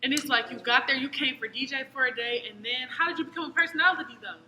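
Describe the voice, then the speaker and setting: Quick-talking woman, bright echoey voice. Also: sits high. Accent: American, Cleveland. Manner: encouraging, quick affirmations. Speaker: podcast co-host. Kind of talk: casual chat. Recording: echoey room, faint noise.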